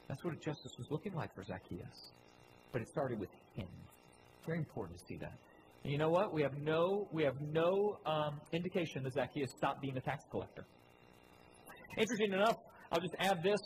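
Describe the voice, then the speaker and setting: A man preaching a sermon, repeating key phrases, asking the congregation questions, and swinging between loud emphatic lines and low quiet ones. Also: background noise. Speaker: pastor. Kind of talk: sermon with slides.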